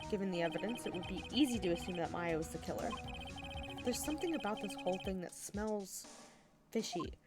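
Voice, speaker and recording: A woman's voice: mid-range voice, animated, brisk, lightly acted. A woman reading the lines of an earnest, determined young male defense lawyer, with video game music playing behind.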